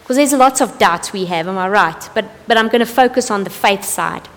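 A woman's voice: mid-range voice, fairly quick. A woman preaching an evening sermon in a chatty, candid way, with asides and self-corrections. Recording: long reverb of a large hall.

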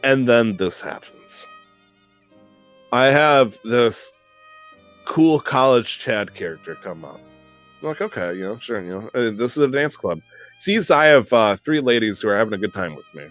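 A young man hosting a podcast, telling an animated, profane, self-mocking story in casual chat. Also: medium pitch, moderate pace, faint music behind. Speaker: podcast host.

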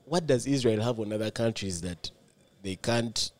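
Earnest man, podcast co-host, slightly low voice, stumbles now and then. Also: normal speed. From Uganda. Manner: earnest, stumbles over words. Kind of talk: casual chat.

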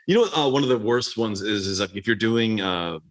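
A man's voice: fairly low pitch, brisk. A man hosting a podcast in loose casual chat, rambling, swearing freely and laughing a lot. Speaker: podcast host.

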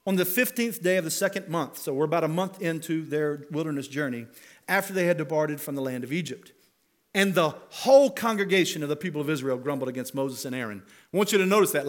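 A man preaching a sermon as pastor, talking conversationally and building to emphatic rhetorical questions. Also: a little high. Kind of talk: expository sermon.

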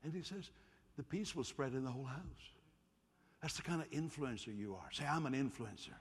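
A man preaching a sermon as a pastor in a church, animated and playful, often calling on the congregation to answer him. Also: mid-range voice, brisk, breathy edge, in a large hall. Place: church hall.

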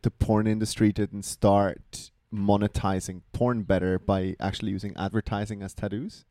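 A man's voice: fairly low pitch, little pitch movement, normal speed, mellow, dry recording. A man co-hosting a casual podcast chat, dropping in dry wisecracks. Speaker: podcast co-host.

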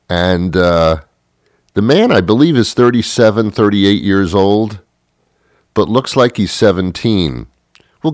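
A man's voice: sits low, no echo, studio quality. A man hosting a show, delivering a sarcastic political monologue and chuckling often as he mocks. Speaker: political commentary host.

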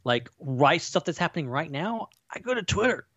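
A man's voice: a little high, big pitch swings, normal speed, a bit bright, breathy edge, no echo, highs cut off. A man co-hosting a podcast in casual chat, rambling and speculating with many fillers. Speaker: podcast co-host.

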